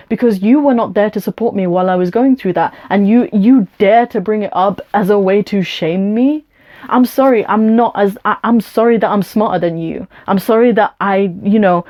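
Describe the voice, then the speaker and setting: A woman's voice: mid-range voice, mellow. A young woman, telling a personal story to camera in a blunt, indignant rant full of swearing and "like". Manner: blunt, profane, indignant, with lots of "like" and "um". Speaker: vlogger.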